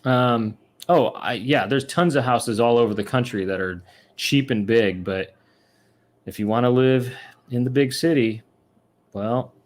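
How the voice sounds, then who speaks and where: A man's voice: medium pitch, a little slow. A man co-hosting a casual online chat show, joking and rambling as his sentences trail off. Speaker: co-host.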